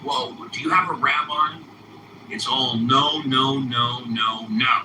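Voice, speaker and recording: A man hosting a live audio chat room, moderating callers with animated, drawn-out calls and repeated phrases. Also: mid-range voice. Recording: echoey, distant, noisy room pickup.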